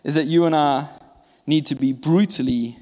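A man's voice: fairly high pitch, normal speed, warm tone, in a large hall. A male pastor preaching a sermon, emphatic and conversational, often acting out short dialogues.

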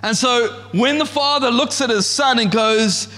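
A man preaching a sermon with passion, rising to shouts as he acts out God speaking. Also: high voice, normal speed, hardly any pauses, long reverb tail. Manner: impassioned, shouts when acting out God's voice. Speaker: pastor.

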